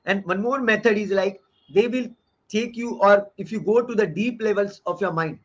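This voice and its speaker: Man with a high voice, earnest lecturer who repeats key lines, on dull lo-fi audio. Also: normal speed. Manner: earnest and explanatory, often repeating phrases. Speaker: course lecturer reviewing a book. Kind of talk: online lecture.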